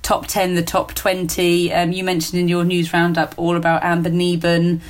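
A woman's voice: fairly low pitch, completely flat delivery, normal speed. A woman hosting a podcast, chatting casually and hesitantly with frequent ums and uhs. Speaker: podcast host. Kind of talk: casual chat.

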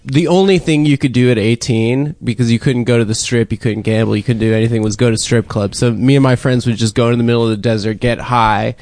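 A man's voice: medium pitch, steady tone, fast, hardly any pauses, a little mellow, no room sound. A man co-hosting a podcast, telling rambling, self-deprecating stories with lots of swearing. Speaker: podcast host. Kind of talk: casual banter.

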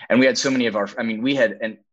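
A man's voice: medium pitch, steady tone, very fast, fairly bright tone. A young man telling a story as a podcast guest, earnest and emphatic, acting out quoted dialogue. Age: young adult. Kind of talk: storytelling testimony. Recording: dull lo-fi audio.

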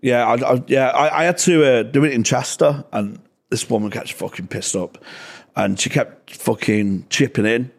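Young man, stand-up comic guest, sweary and blunt, mid-pitched voice. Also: moderate pace, vocal fry. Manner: sweary, blunt, animated storytelling. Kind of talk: casual podcast chat.

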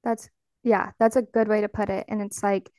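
A woman's voice: medium pitch, little pitch movement, normal speed, dark tone, dry recording, studio quality. A woman hosting a casual podcast chat, encouraging and speaking straight to her listeners. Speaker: podcast host.

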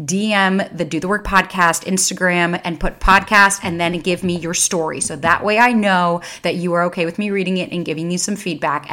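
A woman in her thirties hosts a solo podcast, speaking candidly and casually, swearing freely and growing emotional. Her voice is fairly low-pitched and a bit bright.

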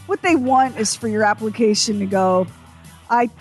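A woman's voice: mid-range voice, animated, moderate pace, a little mellow, soft background music. Sarcastic female radio co-host. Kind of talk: casual radio chat.

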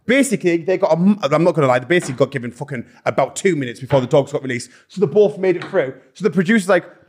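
A quick-talking man with a somewhat high, husky voice, gossiping as a podcast guest. His stories ramble, with frequent restarts and blunt swearing. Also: expressive. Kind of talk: casual gossipy storytelling.

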